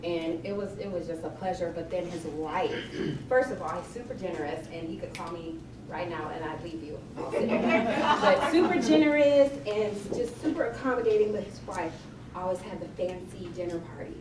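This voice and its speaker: Speaking at normal speed in a lowish voice, a middle-aged woman who works as a personal chef in Cleveland, Ohio, chats and laughs through comic stories for a library audience. The mic is distant, the room echoes, and the crowd is audible.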